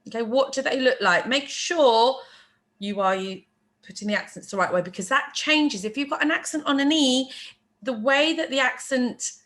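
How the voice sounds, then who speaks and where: A woman teaching a language lesson, slowly modelling words for learners to repeat and explaining spelling. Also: high voice, a bit bright. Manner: slow, careful teacher modelling words for repetition. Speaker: French teacher. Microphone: screen-share narration.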